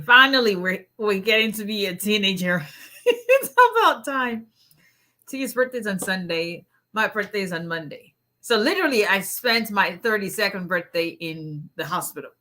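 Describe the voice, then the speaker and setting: Woman, 40s, lawyer hosting a live chat, bright and punchy, lower side. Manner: chatty, greets viewers, laughs often. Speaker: immigration attorney hosting a livestream. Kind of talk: casual livestream chat.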